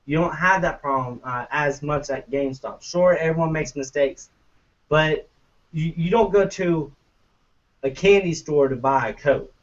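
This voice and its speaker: A man's voice: fairly high pitch, moderate pace. A man co-hosting a gaming podcast, ranting casually and profanely. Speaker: podcast co-host. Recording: muffled lo-fi, distant from mic.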